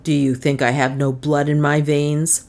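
A woman reading a story voices a fierce, jealous young man, speaking low, slow and cold. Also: level tone, darkish tone.

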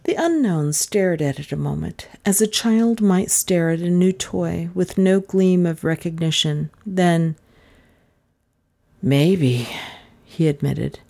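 Woman narrator, low voice, mellow and even. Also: measured pace, gravelly, hardly any pauses. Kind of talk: audiobook narration.

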